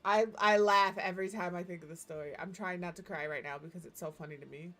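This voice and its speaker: A woman streaming as she builds in a game, talking in a relaxed, chatty way and giggling through her stories. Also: lowish voice, quick pace. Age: adult parent. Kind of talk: casual chat while building in a game.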